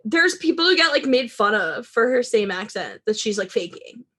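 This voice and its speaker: A woman co-hosting a podcast in casual chat, animated and giggly as she tells stories. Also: fairly high pitch, moderate pace, breathy edge. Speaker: podcast co-host.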